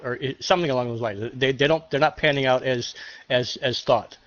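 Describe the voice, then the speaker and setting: A man arguing his point in an online debate, hesitant, with many fillers and restarts, clearing his throat now and then. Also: mid-range voice, brisk, fairly bright tone. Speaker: debate participant. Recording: dry muffled mic recording.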